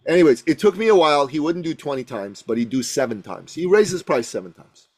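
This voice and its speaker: A man's voice: fairly high pitch, lively intonation, fast, a little mellow. A man, a business coach on a podcast, telling stories and giving advice in an emphatic way, repeating words for stress. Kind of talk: energetic storytelling advice.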